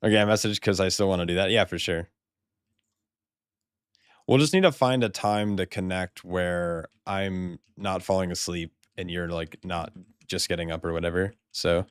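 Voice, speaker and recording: A man's voice: low voice, fairly even intonation, normal speed, clear, resonant tone, no room sound, clean studio sound. A man streaming a video game in casual chat, swearing, laughing often and stammering when surprised.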